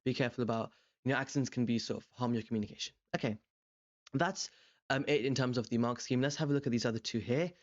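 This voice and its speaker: Young man, language tutor, relaxed and rambling, mid-pitched voice, dry slightly dull desk mic. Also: fast, no echo. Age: young adult. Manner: relaxed, rambling, many ums and self-corrections. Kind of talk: explaining an exam question. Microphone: desk microphone beside a webcam.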